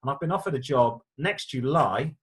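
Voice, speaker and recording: A man's voice: mid-range voice, normal speed. A middle-aged man co-hosting a car show, chatting casually through viewer letters in a jokey, stammering way. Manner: lively, jokey, stammering restarts.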